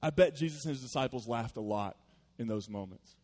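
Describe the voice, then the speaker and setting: A man preaching a sermon in a conversational, storytelling way with playful asides, moving between loud animated bursts and quiet earnest passages. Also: medium pitch, a little fast, no echo. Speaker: pastor.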